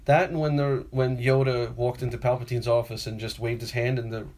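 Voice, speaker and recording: A man's voice: medium pitch, level tone, brisk. A man, co-hosting a podcast and telling rambling stories in casual chat. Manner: rambling storyteller, acts out quotes loudly. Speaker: podcast co-host.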